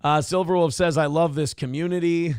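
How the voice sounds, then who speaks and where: Reading viewer donations aloud on his live show, this radio host sounds exasperated, laughs a lot, and swears freely in casual live-stream talk. His somewhat high voice is clear and resonant with a steady tone, and he speaks fairly quickly. The sound is close and dry, with no room sound.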